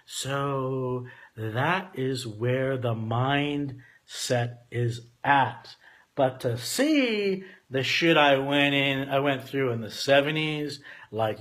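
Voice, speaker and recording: Bright-voiced, emphatic man telling his story. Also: mid-range voice, slow. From Canada. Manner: emphatic, profane, swings from loud to quiet. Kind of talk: candid personal storytelling.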